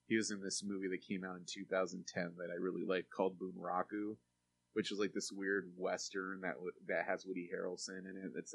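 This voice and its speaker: A man co-hosting a podcast, chatting loosely about films with lots of fillers. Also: sits low. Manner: rambling, filler-heavy, animated when excited. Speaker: podcast co-host reviewing films. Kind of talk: casual chat.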